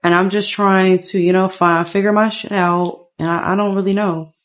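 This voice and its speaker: A woman's voice: mid-range voice, little pitch movement, moderate pace, close to an everyday voice. A woman voicing a young, outspoken female hairdresser in a sassy, breezy way while narrating gameplay. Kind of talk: playful character voicing over gameplay.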